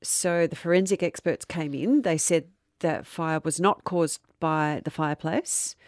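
A woman co-hosting a podcast in casual chat, talking things through out loud. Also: sits low, unhurried, dry recording, studio quality. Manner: chatty, thinks out loud. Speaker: podcast co-host. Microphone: studio mic.

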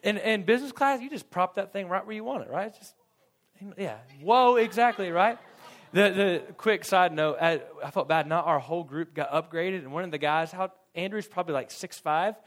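A man's voice: high-pitched, normal speed. A young man preaching a sermon, telling a funny personal story with frequent laughter and acted-out quotes. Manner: animated storytelling, laughs often, acts out quotes.

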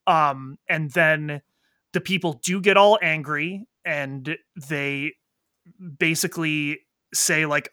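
A man chatting casually as he retells a video game plot, animated and profane, with quick quoted voices for the characters. His voice is bright and sits a little high. The recording is dry and close. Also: no echo.

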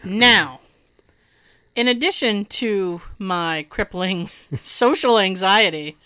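Speaking slowly in a clean, medium-pitched voice, this woman animatedly tells a story in casual conversation, quoting others in character and laughing a lot. She has hearing loss in her right ear.

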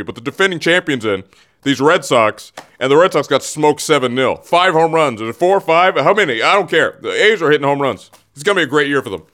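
A man's voice: on the high side, a bit bright. A man hosting a short sports show, rambling and sarcastic as he comments, often repeating himself.

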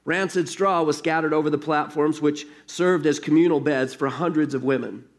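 A man's voice: a little high, steady tone, moderate pace. A man preaching a sermon as pastor, earnest and conversational, reading a story aloud to his congregation.

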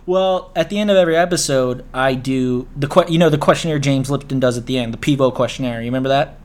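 A man's voice: mid-range voice, quick pace. A man hosting a casual podcast chat, laid-back, laughing easily and swearing casually. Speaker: podcast host.

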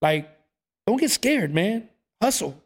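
A man's voice: high voice, takes it slowly, breathy edge. A man telling stories in a casual chat, acting out what people said. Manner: animated storyteller, acts out quotes, says "bro" a lot.

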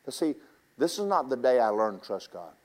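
A male preacher, delivering a sermon at an ordinary, middle pitch. He talks in a folksy, teasing way, telling stories from his own working life. He keeps turning to the congregation and speaking straight to them. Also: very animated, brisk, a little mellow.

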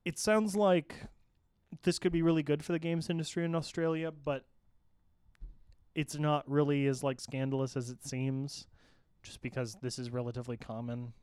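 A man's voice: on the high side, flat delivery, moderate pace, a little mellow, smooth, no echo, studio quality. A man hosting a gaming podcast, reading news items steadily with small restarts and casual asides. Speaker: host and news reader. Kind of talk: podcast news rundown with banter.

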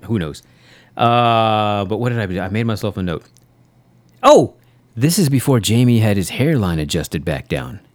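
A man's voice: lowish voice, expressive, moderate pace. A man co-hosting a podcast in casual chat, a profane, rambling storyteller who acts out his own reactions. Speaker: podcast co-host. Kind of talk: casual chat about movies.

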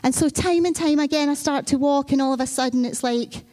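With a high, warm voice and a brisk pace, a woman delivers a sermon like she's telling stories in conversation. She plays the parts of children and figures from the Bible as she goes.

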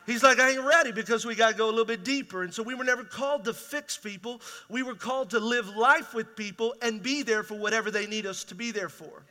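A man's voice: high-pitched, fast, few pauses, pushed and bright, slight background noise. A man preaching a conversational, emphatic sermon as pastor in a large church hall.

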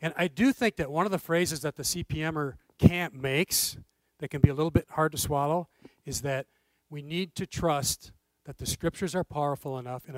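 A man answering interview questions in a measured, explanatory way, checking in with his listener now and then. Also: on the high side, a bit bright, no echo, rough recording. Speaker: interview guest.

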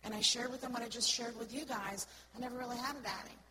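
A woman's voice: on the high side, steady tone, a crowd in the background, low-quality recording. Earnest woman preaching to a congregation. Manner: earnest, asks the congregation "right?" often; swings between soft, slow words and loud stressed ones. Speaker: church speaker. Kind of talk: sermon-style teaching.

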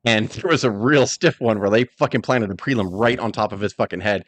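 A man from the American South chatting on a podcast, swearing a lot and excitedly acting out quotes. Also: on the low side, brisk. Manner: profane, excitable, acts out quotes. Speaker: podcast co-host. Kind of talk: casual chat.

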